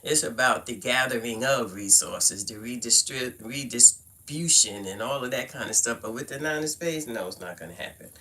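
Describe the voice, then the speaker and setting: A woman's voice: a bass voice, lively intonation, moderate pace, few pauses, pushed and bright. An older woman from Brooklyn with a Brooklyn accent, chatting casually to viewers as she reads cards on a live stream at home. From Brooklyn, New York. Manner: chatty, talks straight to viewers with "y'all" and "fam". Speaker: card reader live-streaming. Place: at home, indoors.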